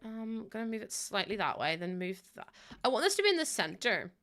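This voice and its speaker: A woman's voice: mid-range voice, big pitch swings, fairly quick, fairly bright tone. A woman with a Northern Irish accent, chatting casually to her viewers while building in a game, laughing often. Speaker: streamer.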